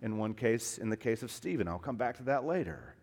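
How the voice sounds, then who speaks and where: A pastor preaches a sermon in a lowish, very animated voice at a fairly quick clip. His impassioned delivery swings from hushed tones to loud emphasis, and he addresses the congregation as beloved and dear friends.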